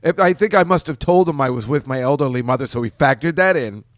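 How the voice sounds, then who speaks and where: A man's voice: medium pitch, fast talker, dry recording, studio quality. Chatty man rambling on a podcast. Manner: rambling, self-interrupting, chuckling storyteller. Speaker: podcast host. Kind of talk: casual solo podcast chat.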